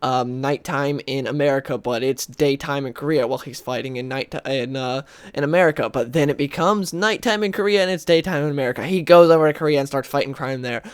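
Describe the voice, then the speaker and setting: A man's voice: mid-range voice, a little fast, clear, resonant tone, no echo. A man hosting a comic book video, recapping a story in a loose, rambling way, full of "like" and "uh" and brief acted-out quotes. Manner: rambling, lots of "like" and "uh"; briefly acts out characters' lines. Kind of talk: casual spoken story recap.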